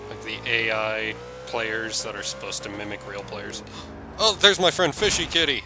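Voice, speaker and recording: A man giving excitable, jokey gameplay commentary, yelping and shouting whenever he crashes. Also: lowish voice, normal speed, gravelly, music in the background. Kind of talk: let's play commentary.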